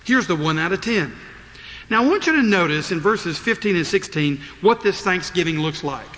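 Male pastor, fairly high bright voice, lively sermon delivery, large echoing church. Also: normal speed. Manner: animated preaching, acting out voices of the congregation.

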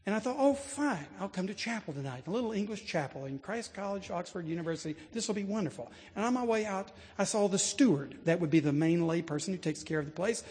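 A man preaching a sermon in a large church, telling stories earnestly and building to animated emphasis. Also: high-pitched, quick pace, few pauses. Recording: long reverb of a church.

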